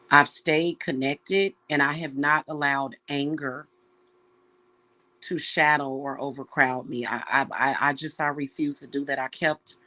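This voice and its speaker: A woman who calls herself a witch, talking warmly and emotionally to her viewers about spiritual protection, on the edge of tears. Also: very deep voice. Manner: heartfelt, emotional, addresses viewers as y'all. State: close to tears. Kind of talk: casual spiritual talk to viewers.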